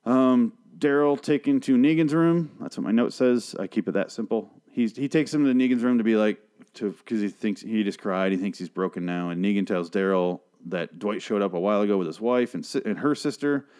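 A man's voice: lowish voice, a little fast, darkish tone. A man hosting a solo TV review show, recapping an episode in a rambling, profane, self-correcting way. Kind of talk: casual solo recap podcast.

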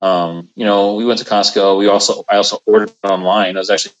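A man's voice: fairly low pitch, level tone, fast talker, poor audio. A man calling in remotely to a podcast, telling stories in an easygoing way full of fillers. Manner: easygoing, filler-heavy storytelling. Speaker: remote guest. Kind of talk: casual chat. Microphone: video call.

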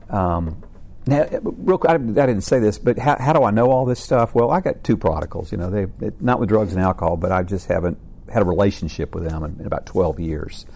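A man's voice: lowish voice, animated, brisk, a little mellow, slight background noise. A man, a counselor speaking informally to a support group, rambling and stammering with jokes.

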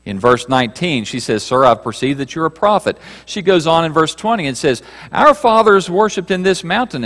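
A man preaching a sermon, reading scripture aloud and moving between raised passages and hushed ones. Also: on the high side. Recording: reverberant hall.

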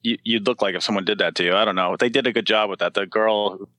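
A man chatting casually about a horror film with friends, animated and laughing often. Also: fairly low pitch, fast talker, no echo. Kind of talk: casual movie review chat.

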